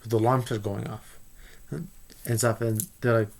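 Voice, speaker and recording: A man giving a casual spoiler review of a movie, rambling and excitable with many restarts. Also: on the low side, normal speed.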